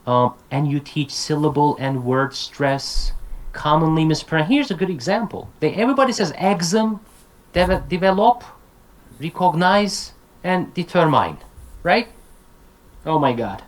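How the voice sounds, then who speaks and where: Energetic male lecturer. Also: fairly high pitch, normal speed, low-quality recording. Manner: energetic, demonstrative, drills example words aloud; casual and direct, repeats himself. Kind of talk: online talk to language teachers.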